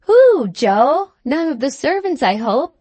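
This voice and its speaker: A woman voicing a timid, fussy old lady with a shrill, trembling voice in a storybook reading. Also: big pitch swings, takes it slowly, warm tone, no room sound, heavily acted. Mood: alarmed.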